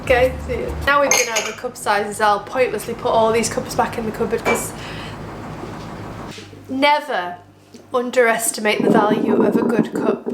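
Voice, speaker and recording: A woman's voice: a little high, roomy sound, noisy background. A woman chatting playfully in a casual home vlog from her kitchen. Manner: chatty and playful, jokey asides. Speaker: vlogger. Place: home kitchen with washing machine running.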